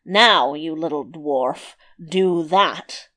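Lady doing a big sneering storybook giant, deep and draggy, each word slow. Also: bright, forceful tone, full character voice. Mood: scornful. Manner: slow, low, contemptuous growl. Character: huge scornful male giant, gruff and slow.

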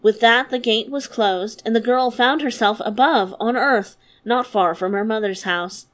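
A woman hosting and reading a fairy tale aloud, with measured, expressive storytelling. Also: fairly high pitch. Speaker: reader and host. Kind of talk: storybook narration.

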